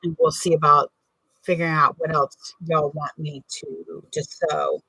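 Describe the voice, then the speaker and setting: A woman's voice: low voice, flat delivery, a little slow, creaky, sharp tone, breathy edge, dry recording, far from the mic, poor audio. A woman in a casual sewing tutorial, rambling and correcting herself as she works. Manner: chatty, rambling, self-correcting while working. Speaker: bag maker demonstrating sewing.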